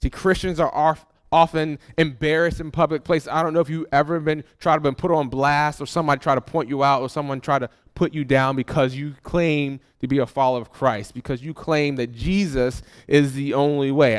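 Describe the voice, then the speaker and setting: A man's voice: medium pitch, clean tone. A man preaching a sermon as pastor, earnest and repeating phrases for emphasis. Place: church hall.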